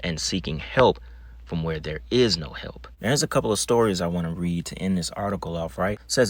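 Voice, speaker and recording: A man's voice: low voice, a little fast, no echo. A man hosting his channel, reading an article aloud and then commenting, his speech a little slurred after a dentist visit. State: just back from the dentist. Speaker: channel host.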